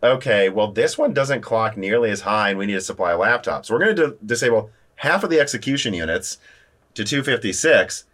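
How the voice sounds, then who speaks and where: A man hosting a casual tech chat, animated and talking through quick restarts. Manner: animated, talks through restarts, lively pitch jumps. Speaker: podcast host.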